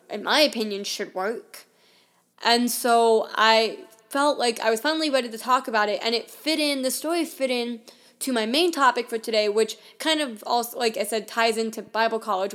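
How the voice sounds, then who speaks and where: A woman's voice: fairly high pitch, a bit bright. A woman in her twenties telling a personal story as a podcast host, in a candid, conversational way full of "like" and "I mean.".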